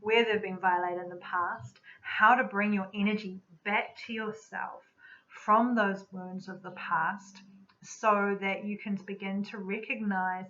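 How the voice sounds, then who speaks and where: A woman who works as an energy medicine practitioner, giving a spoken teaching talk in a calm, reflective, unhurried way. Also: mid-range voice. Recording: slightly dull lo-fi recording.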